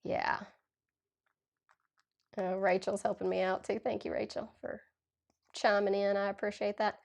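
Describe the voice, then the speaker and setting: A woman's voice: mid-range voice, flat delivery, measured pace, creaky, a little mellow. A woman in her forties with a Southern Tennessee accent and a cold, chatting gushingly as a crafting livestream host and reading out viewer comments. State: has a cold. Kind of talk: casual livestream chat while demonstrating card making.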